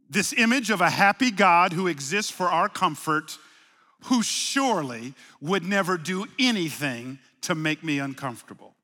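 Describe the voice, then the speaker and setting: A middle-aged male pastor preaching a sermon in a conversational way, mixing family stories with sharp emphasis and quiet, low asides. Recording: live sermon in a reverberant hall.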